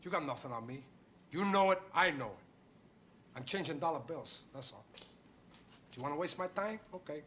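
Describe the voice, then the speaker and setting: A man's voice: a little high, animated, normal speed, long pauses, a bit bright, a little hiss or hum. An actor playing a defiant male Cuban drug lord with a put-on Cuban accent, speaking in a tough, clipped way.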